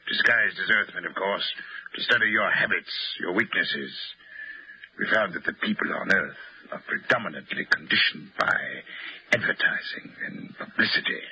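An actor playing a cold, smooth-talking male Martian invader posing as an Earthman, in an old-time radio drama. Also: on the low side, bright, forceful tone, exaggerated voice. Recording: dull old radio recording.

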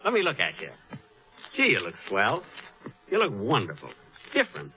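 A man hosting a 1940s radio comedy, vain and easily huffed, with drawn-out pauses. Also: mid-range voice, wildly swooping pitch, vocal fry. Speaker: comedy show host. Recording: muffled old radio broadcast.

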